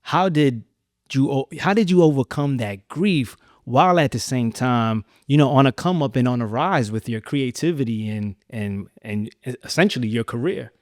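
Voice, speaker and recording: A man hosting a podcast, asking questions in a gentle, careful and consoling way. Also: medium pitch, lively intonation, moderate pace, no room sound, clean studio sound. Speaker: podcast host. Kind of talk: interview questions.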